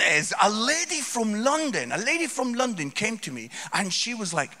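A man in his fifties telling comic stories as a guest speaker, animated and exclaiming, recorded in a reverberant church hall. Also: sits high, moderate pace, few pauses. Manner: animated, exclaiming, mimicking voices. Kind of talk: comic storytelling sermon.

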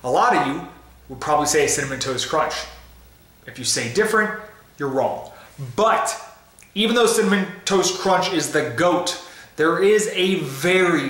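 Excited man reviewing food, roomy echo. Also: on the high side. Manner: upbeat, playful and excited; tasting ice cream while talking. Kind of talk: casual vlog review.

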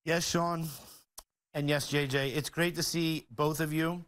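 A man making a boastful, rapid-fire sales pitch as a store owner guest on a TV talk show. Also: steady tone, fairly bright tone.

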